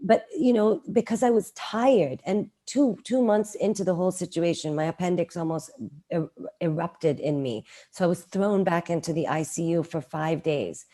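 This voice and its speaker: A middle-aged woman telling a personal story in a casual interview, animated and acting out quoted lines. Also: normal speed. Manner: animated, acts out quoted lines with raised pitch. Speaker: guest.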